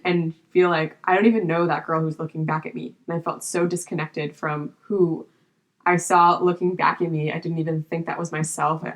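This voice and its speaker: A young adult woman with a low voice appears as a podcast guest, telling a personal story. She speaks earnestly and openly, unguarded, and often fills the gaps between thoughts with "like."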